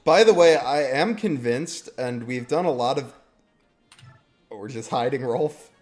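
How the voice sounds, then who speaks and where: A young man talks loosely over a game stream, wandering through his thoughts with plenty of ums and trailing sentences. His voice sits at an ordinary middle pitch, with faint music underneath. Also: measured pace, a little mellow. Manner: rambling, trailing off with fillers. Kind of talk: casual stream chat.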